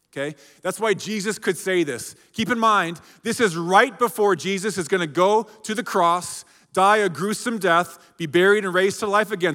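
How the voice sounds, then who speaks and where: Male pastor, casual conversational sermon, bright and forceful tone, echoey church hall. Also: high-pitched. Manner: conversational, keeps checking in with the congregation.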